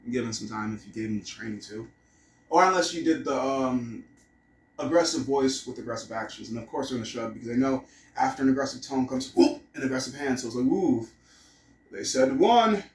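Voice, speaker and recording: A man's voice: mid-range voice, fast talker, reverberant, far from the mic, rough recording. A man vlogging casually at home, rambling and cursing as he muses aloud. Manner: rambling, profane, musing aloud. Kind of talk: casual vlog monologue. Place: room at home.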